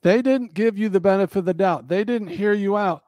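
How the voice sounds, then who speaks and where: A man with a high voice delivers an earnest monologue in a preacherly cadence. He repeats his key phrases for emphasis. The sound is dry and close. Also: fairly quick, darkish tone, no room sound. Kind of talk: impassioned monologue.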